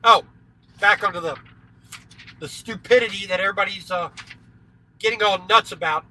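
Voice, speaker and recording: A truck driver livestreams casually from his cab over a headset, rambling in a scattered way, repeating words and laughing easily. His voice is high and sharp at a normal speed, and the rough recording carries a little hiss or hum.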